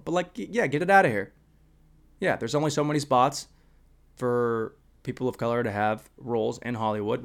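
A young man podcasting alone in his room, rambling and profane, swinging between loud rants and muttered asides. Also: medium pitch, vocal fry. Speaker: solo podcaster. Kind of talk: casual comedic monologue.

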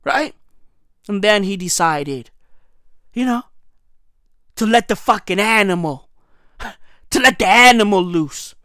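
A man's voice: high-pitched, animated, slow pace, pauses often, pushed and bright, clear, resonant tone, no room sound, studio quality. Mocking slangy man. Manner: slangy, profane, mocking, full of "bruv" and "right?". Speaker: comedic news commentator. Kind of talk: mocking satirical commentary.

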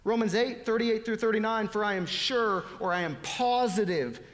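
A man preaching a sermon, dropping to hushed whispers and rising to loud, pleading appeals. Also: high voice, moderate pace. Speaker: pastor. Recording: long hall reverb.

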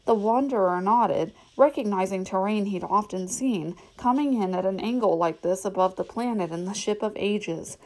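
A woman reading a novel aloud as narrator, in steady storytelling. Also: medium pitch, normal speed, few pauses, poor audio. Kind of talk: audiobook reading.

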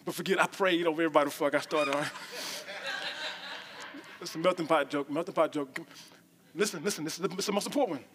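A woman preaching a lively sermon with call-and-response lines, breaking into shouts and joking asides. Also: low voice, fast talker, pauses often, heavy background noise.

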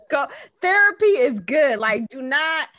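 A woman's voice: sits high, very animated, slow pace, pushed and bright. A blunt, emphatic woman in casual conversation. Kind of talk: casual podcast chat.

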